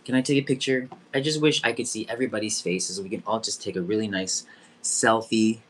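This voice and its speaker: A man's voice: on the low side, steady tone, a little fast, slightly rough. A young man hosting a live-streamed psychic development circle, effusive and emotional, giggling as he thanks everyone. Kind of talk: live-stream group session.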